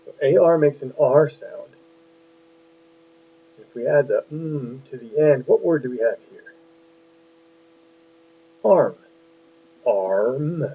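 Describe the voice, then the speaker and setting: Male teacher, patient and upbeat, quizzing young kids on phonics; husky voice, thin phone-quality audio. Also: medium pitch. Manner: patient, encouraging, asks many questions. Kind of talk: phonics lesson for young children. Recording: tinny lo-fi phone-like sound.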